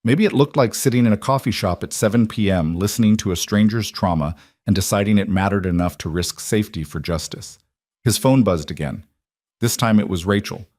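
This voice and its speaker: A man narrating a scripted drama story in a measured, terse way, recorded close on a studio mic. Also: fairly low pitch, a little mellow, no room sound.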